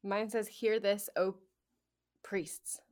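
A young woman co-hosting a casual Bible study podcast, laid-back and quick to laugh. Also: medium pitch, level tone, very noisy. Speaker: podcast co-host.

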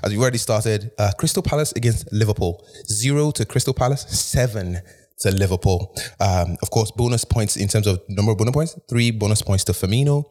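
A man's voice: on the low side, a little fast, dark tone. A man hosting a casual sports podcast, recapping matches in an easygoing, rambling way with fillers. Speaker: podcast host.

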